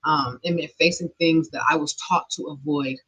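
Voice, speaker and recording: A woman's voice: deep voice, fairly even intonation, normal speed, fairly bright tone, breathy edge. A middle-aged woman hosting a podcast, telling a personal story in an earnest, emotional way with nervous laughs, on a dull lo-fi recording. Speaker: podcast host. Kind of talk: personal monologue.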